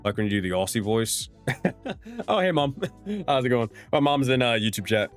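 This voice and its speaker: A man's voice: mid-range voice, big pitch swings, brisk, faint music behind. A young man, a streamer and game master, answering chat questions in a loose, rambling way with restarts and casual swearing. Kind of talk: casual livestream Q&A.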